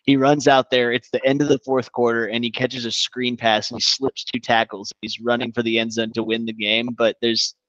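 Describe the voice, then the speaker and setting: A man's voice: mid-range voice, moderate pace, few pauses, dry recording. Podcast man, easygoing sports chatter, salty language, dry, slightly dull mic. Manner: animated storyteller, swears freely, says "dude". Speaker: podcast co-host. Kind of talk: casual sports chat.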